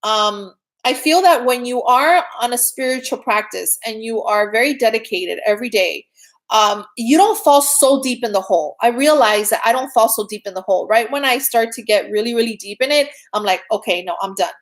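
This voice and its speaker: A woman's slightly higher voice carries this relaxed spiritual talk. She sounds middle-aged, earnest and conversational, and keeps checking in with her listeners. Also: normal speed. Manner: earnest, chatty, often adds "right?". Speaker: spiritual teacher. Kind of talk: casual spiritual talk to viewers.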